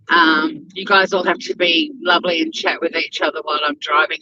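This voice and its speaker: Driving as she hosts a livestream, an Australian woman from Tasmania answers her live chat, talking casually and swearing freely. Her fairly low voice is bright and forceful, steady in tone at normal speed, with the highs cut off.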